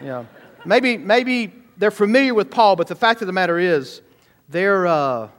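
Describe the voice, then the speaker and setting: Pastor, man, high-pitched and animated sermon delivery. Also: measured pace, some chatter behind. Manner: animated preaching, sudden shouts and asides to the congregation.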